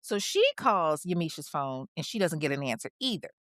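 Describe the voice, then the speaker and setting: A woman's voice: low-pitched, big pitch swings, brisk, fairly bright tone, no room sound, clean studio sound. A woman hosting a podcast, telling a true crime story in a casual, slangy way with chatty asides.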